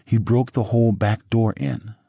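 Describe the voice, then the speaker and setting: A man's voice: lowish voice, steady tone, moderate pace, vocal fry, dark tone, no echo. A man voicing a frightened woman calling the police, pleading in repeated appeals.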